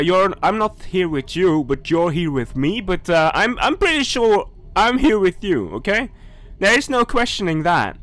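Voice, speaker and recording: A man's voice: on the high side, fairly bright tone. A man commentating a horror game playthrough, jumpy and nervous, talking himself through scares and speaking directly to viewers and game characters. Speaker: gaming YouTuber.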